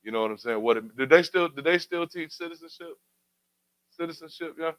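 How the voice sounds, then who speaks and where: A man's voice: fairly high pitch, wildly swooping pitch, fairly quick, gravelly, fairly bright tone, no echo, poor audio. Preacherly man with a raised voice. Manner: preacherly, rhetorical questions, builds emphatic refrains. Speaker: radio show host. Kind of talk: community talk radio commentary.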